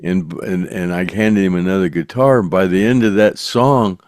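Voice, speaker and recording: An older man hosting a show, telling a road story casually in a halting way, full of fillers. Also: low-pitched, a little mellow, dry recording, studio quality. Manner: halting, full of "uh" and "you know". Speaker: show host and former rock roadie.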